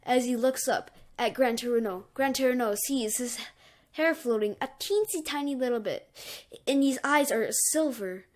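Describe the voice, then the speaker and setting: A woman's voice: fairly high pitch, normal speed, darkish tone. A woman improvising a fan story as a rambling retelling, full of fillers and restarts.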